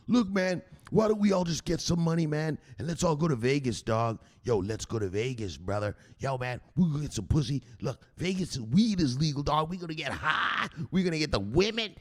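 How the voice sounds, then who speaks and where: A man's voice: a little high, fairly bright tone, voice pushed up. A man voicing a crude, slangy male buddy who mocks his friend and pushes a party trip, drawling "dog" and "man" throughout.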